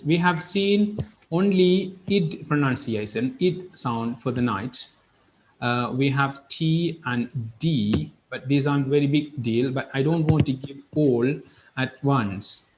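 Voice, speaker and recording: A man teaching an online English pronunciation lesson, speaking slowly and patiently and repeating each example word twice. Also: medium pitch, slight background noise, poor audio.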